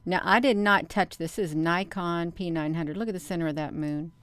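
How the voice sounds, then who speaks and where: A woman with a voice on the low side, speaking a little fast, hosts her channel and gives casual commentary over camera footage. She's animated, talks straight to her viewers, repeatedly calling them "you all," and pushes her points in emphatic bursts. The tone is clean and the recording dry.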